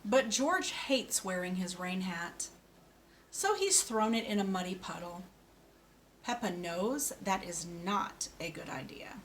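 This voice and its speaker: A woman teaching a speech lesson for children, modelling each word slowly and clearly with patient coaching. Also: mid-range voice, animated, slight background noise. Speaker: speech therapist.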